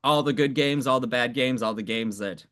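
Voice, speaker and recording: A man's voice: mid-range voice, moderate pace, a bit bright. Laid-back swearing man on a sports podcast. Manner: laid-back, swears casually, laughs often. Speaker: podcast co-host. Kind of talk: casual sports podcast chat.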